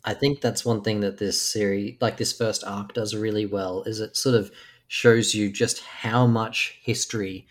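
A man's voice: on the low side, fairly even intonation, unhurried. A man casually chatting about a comic book, giving thoughtful comments on its story and art. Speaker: comic book podcast co-host. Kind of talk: casual chat.

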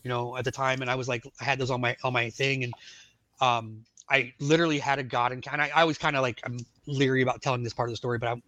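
Man, podcast guest, bright forceful voice, dry close sound, rambling casual storytelling. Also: mid-range voice, flat delivery, fast, no room sound. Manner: rambling, full of "like" and "you know". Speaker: podcast guest, Army veteran.

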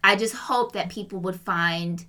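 A woman co-hosting a podcast in casual chat, earnest and thinking out loud. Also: medium pitch, a little slow. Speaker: podcast co-host.

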